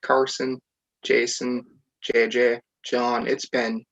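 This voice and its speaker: A man hosting an online game show, thanking a departing player and announcing the remaining players in a brisk, announcing manner. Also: medium pitch, level tone, gravelly, fairly bright tone, no echo, lo-fi sound. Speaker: host.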